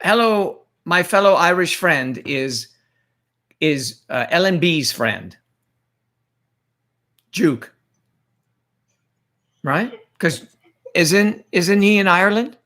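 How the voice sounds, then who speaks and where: A man's voice: sits high, animated, slow pace, long pauses, pushed and bright. A man hosting a casual livestream chat, playful and teasing, greeting viewers by name. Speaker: livestream host.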